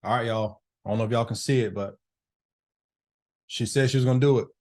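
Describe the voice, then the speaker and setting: A man's voice: medium pitch, steady tone, brisk, a little mellow. A man hosting a casual live online business masterclass, chatting loosely with participants by name over a video call.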